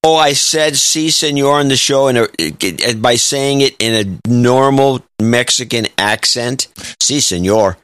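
A man co-hosting a podcast, bantering in a dry, deadpan way. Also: medium pitch, unhurried, hardly any pauses, clean tone, dry recording. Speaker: podcast co-host. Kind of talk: casual chat.

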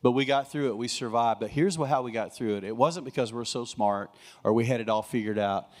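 A middle-aged man preaches about his own marriage before a congregation. He talks earnestly, leaning into his key lines and keeping the tone friendly with quick jokes. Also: medium pitch. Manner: earnest, preacherly, with joking asides. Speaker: pastor sharing testimony. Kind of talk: sermon-style testimony.

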